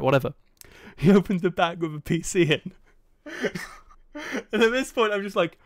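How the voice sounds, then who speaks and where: A young man from England tells a long story on a podcast, acting out each quoted line. His voice sits a little high and comes through smooth and clear, recorded close and dry with no room sound. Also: quick pace, no echo. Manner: animated, acts out quoted dialogue. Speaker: podcast host. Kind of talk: casual storytelling chat.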